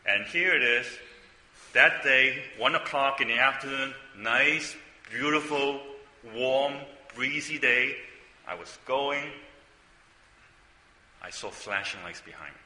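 An older man preaches in a chatty, storytelling way, tossing out rhetorical questions. His voice is bright and sharp, and it rings through a roomy hall with a long reverb. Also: medium pitch, slow pace. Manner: conversational storytelling, frequent asides and rhetorical questions. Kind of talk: sermon.

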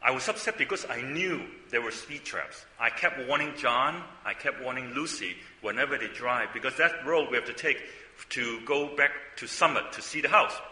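An older man preaches in a chatty, storytelling way, tossing out rhetorical questions. His voice is bright and sharp, and it rings through a roomy hall with a long reverb. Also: medium pitch, moderate pace. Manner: conversational storytelling, frequent asides and rhetorical questions. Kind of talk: sermon.

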